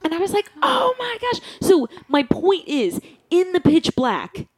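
A woman telling a story in casual chat, expressive, with gasps and exclamations. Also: high-pitched, unhurried.

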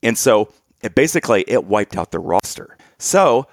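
A man's voice: lowish voice, sing-song, normal speed, no room sound, clean studio sound. A man co-hosting a podcast, earnestly laying out background for listeners in casual chat. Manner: earnest, explains background at length. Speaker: podcast co-host.

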